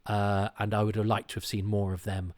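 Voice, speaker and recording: A middle-aged man hosting a podcast, talking in a casual monologue with animated, indignant storytelling. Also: fairly low pitch, fairly quick. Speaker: podcast host.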